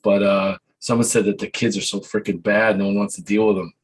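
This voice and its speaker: A man with a fairly low voice chats loosely on a hobby podcast. He rambles, restarts his sentences and drifts into laughter as he tells stories. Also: level tone, a little fast, breathy edge. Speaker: podcast host. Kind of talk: casual chat.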